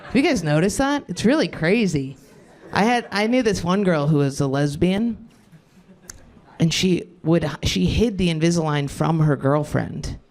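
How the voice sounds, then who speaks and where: A man's voice: on the high side, expressive, unhurried. A sleep-deprived man doing a rambling, self-deprecating stand-up set with crude stories. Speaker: stand-up comedian. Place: comedy club stage.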